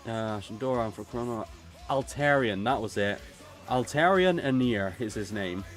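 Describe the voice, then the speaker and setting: A man's voice: medium pitch, expressive, unhurried, soft background music. A man from Gloucester, streaming and chatting in a sweary, rambling way. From England, Gloucester. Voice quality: sweary, rambling, laughs often. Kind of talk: casual chat while drawing.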